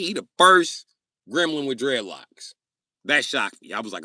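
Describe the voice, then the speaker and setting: Animated, bright-voiced male streamer. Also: mid-range voice, unhurried, dry recording, clean studio sound. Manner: loud, swearing, joking, answering chat comments. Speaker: livestream host. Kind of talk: casual livestream rant.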